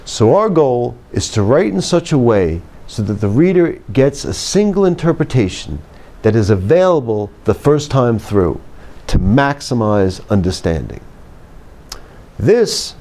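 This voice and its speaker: A man who teaches writing, delivering a scripted lecture in a measured, emphatic way and dropping his pitch to close each point. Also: very animated, dark tone. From United States. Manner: measured, emphatic, drops pitch at phrase ends. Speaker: writing instructor.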